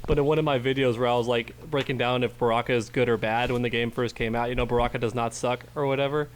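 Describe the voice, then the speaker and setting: A man's voice: mid-range voice, fast, slight background noise. Chatty man laughing between stories. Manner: laughs often, tells stories with animated put-on voices. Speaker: podcast co-host. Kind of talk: casual gaming chat.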